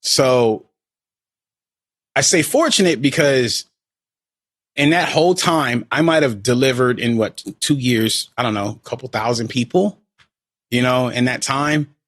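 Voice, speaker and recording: A man's voice: medium pitch, measured pace, pauses often, fairly bright tone, dry recording. A man in casual podcast chat who tells a story with animation and acts out the people he quotes. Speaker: podcast co-speaker.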